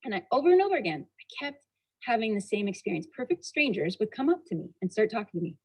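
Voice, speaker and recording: A woman's voice: medium pitch, sing-song, fast talker, slightly rough, poor audio. A woman giving a motivational talk as a storyteller, acting out dialogue and asking the audience rhetorical questions. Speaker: motivational speaker.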